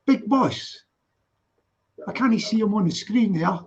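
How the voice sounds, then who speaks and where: In muffled, lo-fi online call audio, a Glaswegian man in his sixties hosts a casual chat, rambling and repeating himself. He has a high-pitched voice and takes his time.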